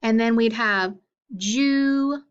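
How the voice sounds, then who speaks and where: A woman's voice: on the high side, a little slow, fairly bright tone, dull audio. A woman teacher giving a phonics lesson to young students, patient and questioning as she sounds out words.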